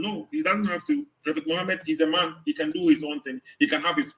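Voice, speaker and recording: A man calling in to a debate, explaining his point haltingly with many restarts. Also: a little high, fairly bright tone, poor audio. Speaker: caller. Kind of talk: religious argument on a call.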